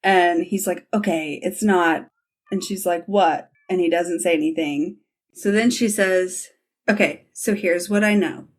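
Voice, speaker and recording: A woman with a slightly low voice, chatting casually on a podcast. She retells scenes by acting out each character's lines and laughs often as she goes. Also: a little slow. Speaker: podcast host. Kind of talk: casual recap chat.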